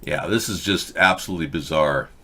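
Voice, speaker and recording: A man's voice: extremely low pitch, fairly quick, sharp tone, husky. A man hosting a live video-chat show, commenting indignantly and answering viewers. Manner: indignant, rambling, talks back to chat. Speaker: host.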